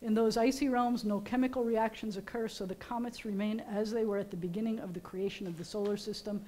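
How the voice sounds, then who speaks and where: A woman's voice: medium pitch, steady tone, a little fast. Chatty American woman rabbi. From United States. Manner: chatty, teacherly, gently joking. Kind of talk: casual sermon talk to a congregation. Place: synagogue sanctuary during a service.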